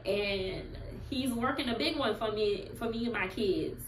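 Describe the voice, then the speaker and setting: A woman's voice: mid-range voice, a little slow, echoey room, slight background noise, rough recording. A woman in her thirties filming a personal vlog at home, speaking in an earnest, heartfelt, faith-filled way. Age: 30s. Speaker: vlogger.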